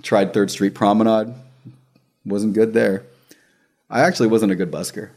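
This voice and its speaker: A man telling a story in casual chat, animated, laughing often and acting out the voices of the people in it. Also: fairly low pitch, moderate pace.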